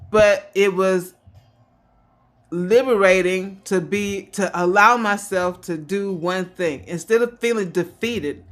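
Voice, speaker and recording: A woman in her fifties telling a casual story to camera, chatty and quick to laugh. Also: mid-range voice. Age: 50s. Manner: chatty, laughs often, quotes others in animated voices. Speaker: vlogger.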